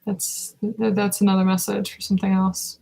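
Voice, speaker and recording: A woman giving a live spiritual reading, speaking slowly and meditatively, halting often with pauses and fillers. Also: medium pitch, flat delivery, vocal fry, mellow, poor audio. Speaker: intuitive reader.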